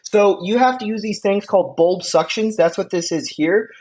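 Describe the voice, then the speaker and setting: An instructor lectures an EMT class in a relaxed, conversational way, with a voice of ordinary middle pitch. The delivery wanders into asides and keeps checking in with the listeners, and the speech is full of restarts. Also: normal speed. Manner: casual, chatty, checks in with listeners.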